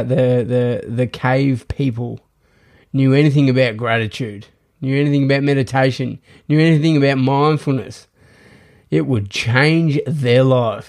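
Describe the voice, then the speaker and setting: A man's voice: mid-range voice, vocal fry, darkish tone. A man hosting a podcast in a casual, rambling monologue full of restarts and fillers. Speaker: podcast host.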